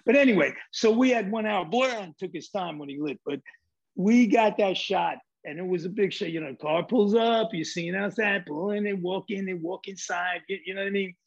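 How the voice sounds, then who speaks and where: A man's voice: high voice, normal speed, gravelly, muffled recording. A man with a New York accent, a film director telling stories from a shoot in a swaggering, profane, rambling way. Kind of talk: casual storytelling.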